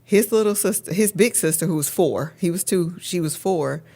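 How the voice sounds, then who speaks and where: A woman's voice: on the low side, moderate pace, dark tone. A woman, a parent coach and educator, speaking as a guest and telling personal stories in an earnest way. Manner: earnest, often says "literally". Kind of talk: personal storytelling in an interview.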